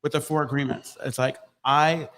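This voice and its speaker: A man's voice: medium pitch, steady tone, moderate pace, fairly bright tone. A man co-hosting a recovery podcast who talks in a reflective, supportive way, thinking aloud with restarts. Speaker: podcast co-host. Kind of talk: casual recovery podcast talk. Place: recovery club room.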